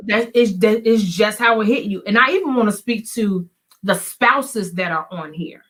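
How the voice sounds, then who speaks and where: A woman's voice: mid-range voice, normal speed, fairly bright tone. A pastor's wife sharing her experience candidly, speaking earnestly and directly to listeners. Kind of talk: candid conversational testimony.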